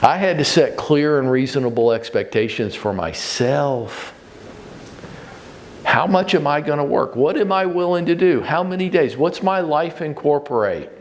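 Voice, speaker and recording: A man's voice: animated, normal speed, a little hiss or hum. Blunt, emphatic man in his fifties. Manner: blunt and emphatic, leaps up in pitch to stress points; speaks directly to the audience, often with short punchy sentences. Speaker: real estate broker training agents. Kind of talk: blunt motivational training talk.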